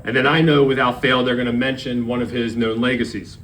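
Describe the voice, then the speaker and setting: A man's voice: medium pitch, fairly even intonation, brisk, a bit bright, a little hiss or hum, low-quality recording. A man in his thirties from Maryland giving a eulogy for his grandfather, telling a story and acting out the quoted dialogue. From Maryland, USA. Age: 30s. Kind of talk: memorial speech. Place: memorial service.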